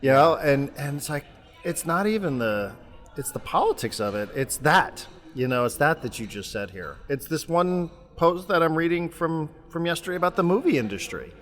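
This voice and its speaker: A man co-hosting a casual sports podcast, talking in a rambling, halting way with many restarts. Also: a little high, big pitch swings, fairly bright tone, big-room sound. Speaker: podcast co-host. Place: remote, traveling abroad.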